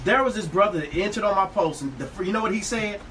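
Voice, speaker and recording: A man hosting an interview asks eager questions in a high voice and chimes in often with quick agreement. He sits a little away from the mic. There is clear room noise behind him. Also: fairly bright tone, distant mic. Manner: eager, apologetic, lots of "right" and "yeah" backchannels. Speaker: radio show host. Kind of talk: casual conversational interview. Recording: noisy room, voice a bit off-mic.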